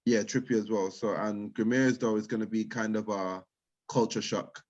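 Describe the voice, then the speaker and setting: A man chatting casually about football, often repeating words as he thinks out loud. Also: on the low side, fairly even intonation, moderate pace, muffled recording. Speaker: co-host of a football chat show.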